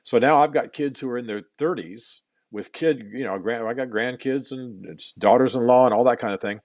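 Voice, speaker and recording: A man's voice: medium pitch, moderate pace, darkish tone, dry recording. A middle-aged man, an author being interviewed on a podcast, telling stories in an earnest way, often repeating words as he builds a point and adding dry jokes at his own expense.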